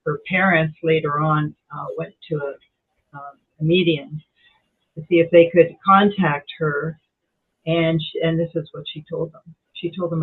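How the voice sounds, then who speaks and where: A woman on a video call telling her experience in a meditation group, animated and acting out the voices she heard. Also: deep voice, unhurried, breathy edge. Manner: animated storyteller, acts out quoted voices. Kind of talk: casual chat on Zoom. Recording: tinny phone-like call audio.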